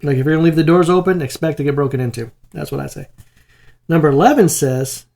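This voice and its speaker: A man's voice: on the high side, quick pace, vocal fry, darkish tone. A man co-hosting a faith-based marriage talk, giving emphatic, preachy warnings in a casual chat. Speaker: co-host of a Christian marriage show.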